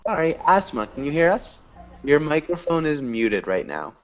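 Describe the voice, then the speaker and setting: Lively encouraging teacher on video call. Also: male voice, on the high side, moderate pace. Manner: encouraging, praising pronunciation. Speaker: English teacher. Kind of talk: online language class. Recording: dull lo-fi video call audio.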